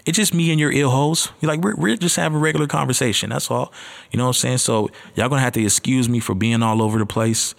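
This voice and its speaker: A man's voice: medium pitch, quick pace, gravelly. A man hosting his first solo podcast, nervous, rambling and profane, talking straight to his listeners in slangy casual chat. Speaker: podcast host.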